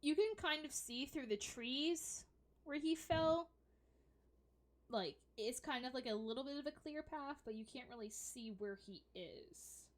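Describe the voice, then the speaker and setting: A woman's voice: sits high, unhurried. Woman running a tabletop game. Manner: casual, laughing, filler-heavy narration. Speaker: dungeon master.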